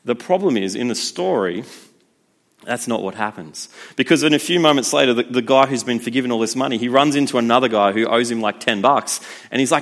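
Conversational preacher. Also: male voice, mid-range voice, brisk. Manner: conversational, lively, acts out voices. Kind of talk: sermon.

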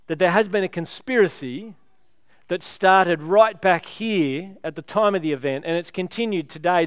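A man's voice: high-pitched, smooth, no echo, clean studio sound. A man preaching a sermon, retelling a story with rhetorical questions in a conversational way.

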